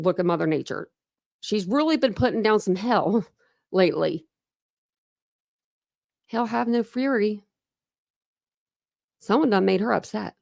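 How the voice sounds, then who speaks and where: A woman's voice: mid-range voice, gravelly, a little mellow, dry recording. Rambling woman hosting a dry livestream. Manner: rambling, heavy use of "like"; reads and answers viewer comments. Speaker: true crime channel host. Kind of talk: casual livestream chat with viewers.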